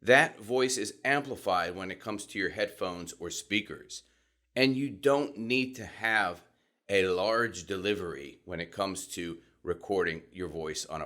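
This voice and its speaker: A middle-aged man with a Southern US accent, teaching voice technique in a calm, measured, deliberate way. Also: on the low side. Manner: calm, measured and deliberate, demonstrating vocal examples. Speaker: voice coach. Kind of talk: instructional talk.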